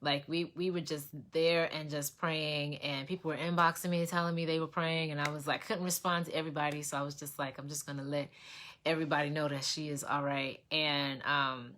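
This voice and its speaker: Low, bright-toned woman host; heartfelt casual testimony to viewers, repeats lines for emphasis. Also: flat delivery, fairly quick. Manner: emotional, repeats herself, speaks directly to viewers. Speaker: host of an online prayer livestream. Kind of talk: casual testimony to a live audience.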